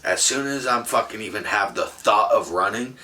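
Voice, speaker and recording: A man's voice: fairly low pitch, normal speed, recorded from a distance, heavy background noise. A man casually telling a story from his teen years, rambling and swearing with lots of slang and filler words. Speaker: storyteller vlogger.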